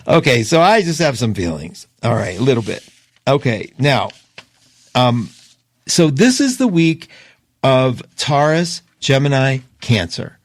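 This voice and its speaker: A man hosting an astrology show, talking casually and emotionally, opinionated and quick to laugh. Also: mid-range voice, sing-song, no echo. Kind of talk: casual livestream talk.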